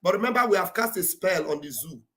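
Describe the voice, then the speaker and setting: A man speaking Nigerian English mixed with Pidgin, giving a loud, preachy livestream address with a booming voice and shouted exhortations. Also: animated, fast. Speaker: livestream commentator. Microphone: streaming setup mic.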